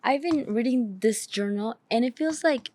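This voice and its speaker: A woman's voice: a little high, normal speed, darkish tone. A woman vlogging in a casual chat, talking frankly and with exasperation while she reads back through an old journal. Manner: frank, exasperated, self-critical.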